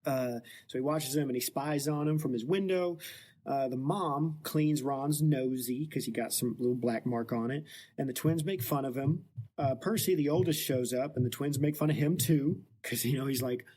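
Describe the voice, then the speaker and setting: A man hosting a podcast, casually retelling a book chapter with jokes and quick acted-out quotes. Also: medium pitch, mellow. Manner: jokey, acts out quotes in voices. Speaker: podcast host.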